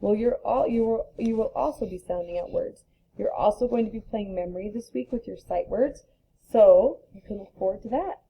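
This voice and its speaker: A woman teacher giving a slow, deliberate reading lesson to young children, spelling out letters and sounding out words. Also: mid-range voice, creaky, dark tone, slightly rough. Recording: slightly dull lo-fi recording.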